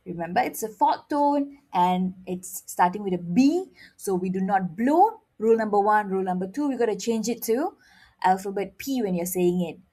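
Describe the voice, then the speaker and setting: A woman's voice: medium pitch, lively intonation, normal speed, dark tone, husky. A woman teaching a playful beginner Mandarin lesson and drilling words by repeating them. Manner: upbeat, drills words with rising repetition.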